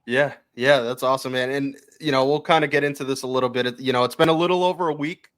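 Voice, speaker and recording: A man's voice: medium pitch, steady tone, fast talker, a bit bright, smooth. A man hosting a hockey podcast, asking long, chatty questions full of fillers. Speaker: podcast host. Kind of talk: casual interview.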